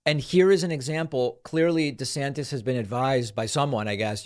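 A man's voice: mid-range voice, brisk. A man hosting a political talk show, giving mocking commentary over news clips. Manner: sarcastic, mocking.

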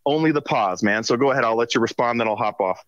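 A man's voice: mid-range voice, fast talker, fairly bright tone, no echo, lo-fi sound. A man calling in to a podcast, chatting and joking in a loose, apologetic way. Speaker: co-host calling in. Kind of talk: casual podcast banter.

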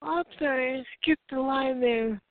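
A woman hosting a show who reads a children's story aloud slowly, stumbling and correcting herself. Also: sits high. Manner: slow, halting reading with self-corrections. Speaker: host and story reader. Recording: tinny phone-like sound.

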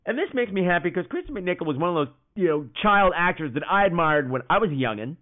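A man hosting a podcast, telling stories in a profane, animated way. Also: high-pitched, fast. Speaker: podcast host. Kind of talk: casual comedic monologue. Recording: tinny phone-like sound.

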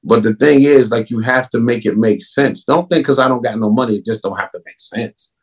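A man who directs films, talking in a casual interview in an emphatic, animated way. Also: mid-range voice, fairly quick, breathy edge. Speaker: film director.

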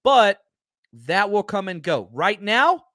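A man's voice: high-pitched, very animated, slow, fairly bright tone, no echo, studio quality. Fired-up man ranting on a livestream. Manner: fired-up, ranting, reads viewer comments. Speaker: livestream host. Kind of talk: heated sports talk livestream.

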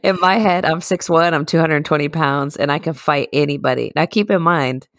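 A man's voice: on the high side, normal speed, vocal fry, fairly bright tone, dry recording, clean studio sound. A man co-hosting a podcast, joking in laid-back casual chat and laughing often. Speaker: podcast co-host.

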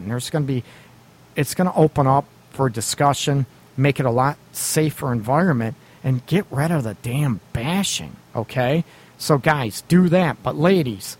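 A man of ordinary pitch hosts a radio advice segment. He talks bluntly and casually, with frequent laughs and mild swearing. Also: moderate pace. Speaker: radio show host giving relationship advice.

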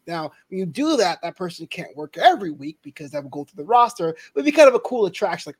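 A man co-hosting a wrestling podcast who gives firm opinions and riffs on hypotheticals. His voice sits notably high for a man, and he talks in a loose, casual way. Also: sing-song, fast, hardly any pauses, breathy edge. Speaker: podcast co-host.

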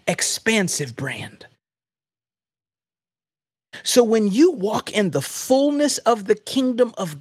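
A man hosting a faith podcast, preaching in an emphatic, animated, conversational way. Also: high voice, no echo, studio quality. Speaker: podcast host.

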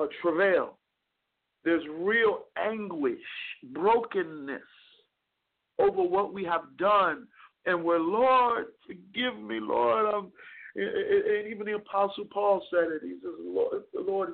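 A man's voice: sits high, creaky. A man preaching as a radio host and chaplain, impassioned, stammering and repeating words as he acts out prayers. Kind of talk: radio sermon. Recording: tinny phone line.

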